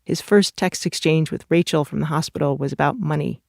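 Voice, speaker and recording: A narrator reading scripted documentary narration in a measured, even way. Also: mid-range voice, creaky, no room sound, clean studio sound.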